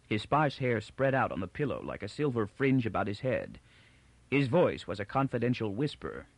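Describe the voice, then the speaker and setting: A man narrating a novel in a measured, expressive way. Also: lowish voice, gravelly, no room sound. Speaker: audiobook narrator. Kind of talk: scripted narration.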